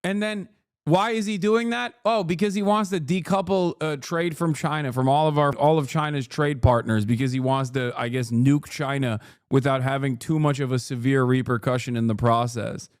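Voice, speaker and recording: A man reacting to a clip on a livestream, ranting sarcastically and quickly. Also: mid-range voice, steady tone, clean tone, dry recording, clean studio sound.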